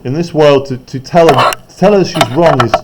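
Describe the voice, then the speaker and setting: A man's voice: a little high, moderate pace, very noisy. A man teaching a class, explaining a play text in a chatty way and often checking in with "right?".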